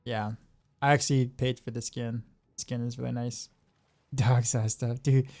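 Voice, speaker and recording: A game streamer from the Southeastern United States chats casually while gaming, laughing often and repeating words. His mid-range, darkish voice is unhurried with little pitch movement.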